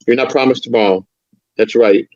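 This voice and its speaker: A man's voice: medium pitch, steady tone, a little fast, a little mellow, no echo, highs cut off. An older man talking on a live stream as a guest, rambling and frank, with frequent stammered restarts. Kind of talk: casual chat.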